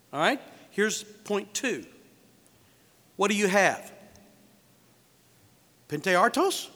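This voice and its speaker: A man's voice: sits high, sharp tone. A man preaching a sermon as pastor, asking rhetorical questions and acting out the voices he quotes. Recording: reverberant hall.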